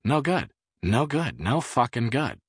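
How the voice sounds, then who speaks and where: A man's voice: mid-range voice, big pitch swings, a little slow, breathy edge, no room sound, clean studio sound, voice pushed up. A man voicing a bitter, short-tempered man in pain, snarling and panting.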